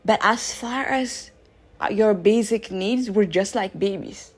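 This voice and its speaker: A woman in her thirties hosting a radio show, talking through a casual spiritual monologue with animated swings between loud bursts and soft asides. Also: mid-range voice, slow. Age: 30s.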